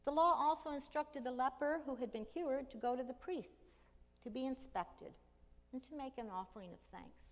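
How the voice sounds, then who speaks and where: A woman preaching a sermon, retelling a story dramatically and slowly, with emphatic cries in the quoted lines. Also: high voice. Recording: long hall reverb.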